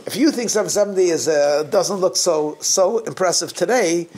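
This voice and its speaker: Chuckling rabbi telling stories. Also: male voice, sits high, moderate pace, darkish tone. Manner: chuckles often mid-sentence, frequent restarts and repeated words. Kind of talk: anecdotal holiday talk to a congregation.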